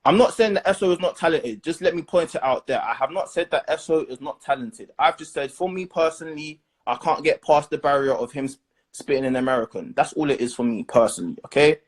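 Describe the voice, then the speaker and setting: Blunt young man with a husky voice. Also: fairly high pitch, brisk. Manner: blunt, animated, leans on slang and "do you understand". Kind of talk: casual opinionated chat.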